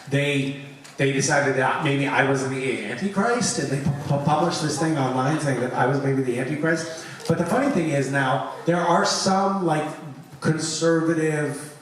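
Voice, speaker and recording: A middle-aged man answering fan questions at a convention panel, rambling and self-mocking, now and then lively in his stories. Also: on the high side. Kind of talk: casual Q&A storytelling. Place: large convention hall. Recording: echoey hall, taped from far off.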